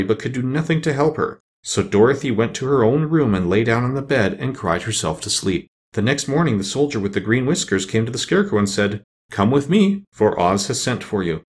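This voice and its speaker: A man's voice: medium pitch, creaky. A man reading a storybook aloud, narrating expressively.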